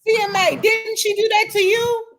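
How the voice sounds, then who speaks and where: A woman joining livestream banter with loud, profane heckling. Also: extremely high pitch, fairly even intonation, normal speed, a loud crowd. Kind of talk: live-stream banter.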